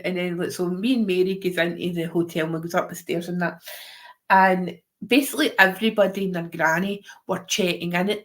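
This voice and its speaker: A Scottish woman telling a funny story in casual chat, swearing, laughing often and acting out the other voices. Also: on the low side. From Scotland.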